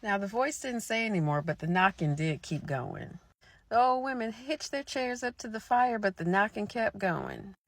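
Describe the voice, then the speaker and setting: A woman tells old folklore in a relaxed, chatty way, breaking off now and then to talk to her viewers. Her pitch sits in the middle range. The recording is dry and close, with no room echo. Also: normal speed. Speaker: folklore storyteller. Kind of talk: casual storytelling narration.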